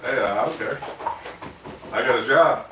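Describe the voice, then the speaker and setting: A man's voice: medium pitch, unhurried. A man chatting casually on a livestream, rambling through work stories and swearing freely. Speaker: livestream host. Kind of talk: casual chat. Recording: echoey room, far from mic, faint noise.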